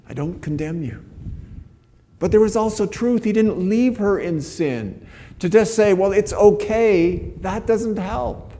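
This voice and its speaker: A man's voice: high-pitched, mellow, long reverb tail. A man preaching a sermon as a pastor, earnest and conversational, often restarting his phrases.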